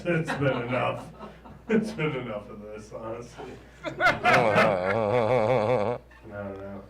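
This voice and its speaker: A man in his thirties from the American South doing a stand-up set, halting and trailing off, often chuckling at his own jokes. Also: mid-range voice, noisy background. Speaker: stand-up comedian. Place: comedy stage in a small room. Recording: roomy, distant live room recording.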